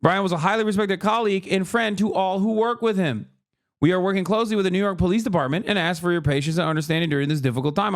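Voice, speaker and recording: A man hosting his show, ranting with profanity and mocking the voices of others. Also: high-pitched. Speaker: streamer and show host. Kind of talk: ranting commentary.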